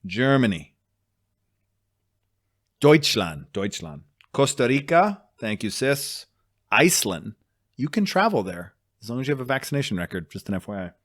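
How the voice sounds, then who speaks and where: A man's voice: fairly low pitch, animated, brisk, a bit bright. Playful laughing podcast co-host man. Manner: playful and jokey, laughs often. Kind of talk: casual chat.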